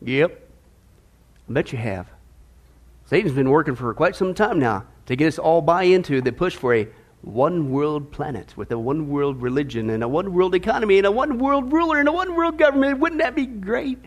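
A male pastor preaching an animated, sarcastic sermon, full of rhetorical questions. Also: fairly high pitch, moderate pace.

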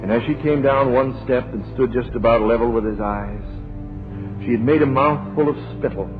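A man preaching, telling a slow dramatic story that builds to a fervent appeal. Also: mid-range voice. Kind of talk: sermon illustration storytelling. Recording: dull lo-fi sermon recording with music behind.

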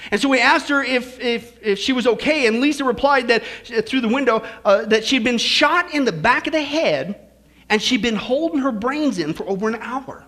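Man, pastor, sermon in church, bright edgy tone, folksy humor, quiet asides and loud exclamations. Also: high-pitched.

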